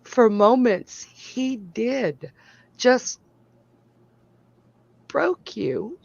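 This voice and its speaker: A woman psychic medium giving an emotional live reading in a slow, tender, halting way. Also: on the high side, animated, vocal fry, dry recording. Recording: dull lo-fi sound.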